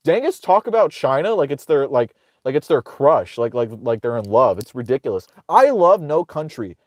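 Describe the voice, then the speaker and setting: A man's voice: medium pitch, very animated, normal speed, a little mellow, no echo. A man hosting casual political commentary, ranting sarcastically with profanity, rambling and restarting his sentences.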